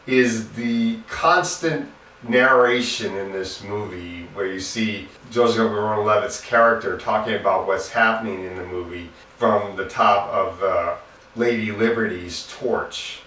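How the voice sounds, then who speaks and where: A man's voice: fairly low pitch, fairly bright tone. A man giving a casual, rambling film review in an earnest manner. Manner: earnest, repetitive, loose and rambling. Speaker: movie reviewer. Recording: roomy echo, distant mic, faint hum.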